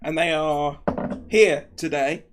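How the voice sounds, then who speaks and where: A man's voice: fairly high pitch, slow pace. A man co-hosting a live stream, reading out viewer messages and trading playful banter. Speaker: co-host reading super chats. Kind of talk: casual live-stream chat.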